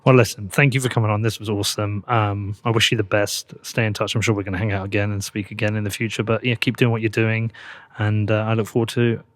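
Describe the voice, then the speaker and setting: Blunt, low-voiced podcast host. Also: male voice, level tone, fast. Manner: blunt, swears casually. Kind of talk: casual interview chat.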